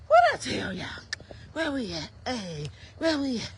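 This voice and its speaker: A woman's voice: fairly high pitch, big pitch swings, measured pace, background noise. A woman vlogging casually on an outdoor park trail, a little out of breath, chatting and teasing her kids as she walks, on a handheld phone. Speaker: vlogger and mother. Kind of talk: casual walking vlog.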